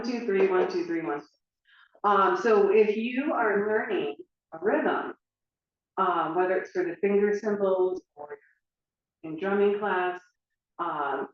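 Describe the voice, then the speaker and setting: A woman's voice: medium pitch, recorded from a distance. Chatty woman teaching in an echoey room. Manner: chatty, filler-heavy, explains with examples. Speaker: dance teacher. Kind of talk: casual instructional talk. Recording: echoey room, dull lo-fi sound.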